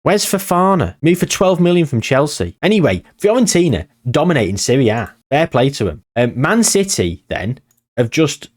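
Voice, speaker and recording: A man's voice: fairly high pitch, very animated, moderate pace. A man giving casual, sarcastic commentary on a football management game, swearing freely and jumping between topics. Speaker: gaming YouTuber.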